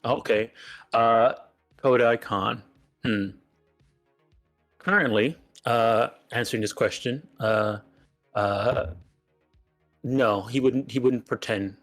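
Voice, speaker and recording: A man with a mid-range voice runs a tabletop game as game master. He talks easily and stops often with fillers, with soft music faintly behind him. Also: medium pitch, fairly even intonation. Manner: easygoing, filler-heavy, halting.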